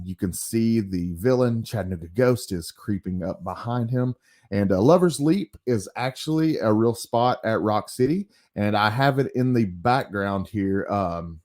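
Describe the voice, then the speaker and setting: A man's voice: fairly low pitch, darkish tone. Rambling man talking through an old comic. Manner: rambling, frequent ums and asides. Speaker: comic book reviewer. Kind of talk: casual commentary while reading a comic.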